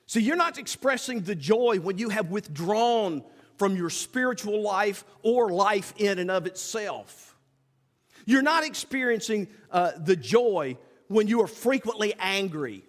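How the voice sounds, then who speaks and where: A man preaching a sermon in a folksy, animated way, acting out little asides to the congregation. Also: sits high, a little slow. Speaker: pastor. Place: church sanctuary. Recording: long church reverb.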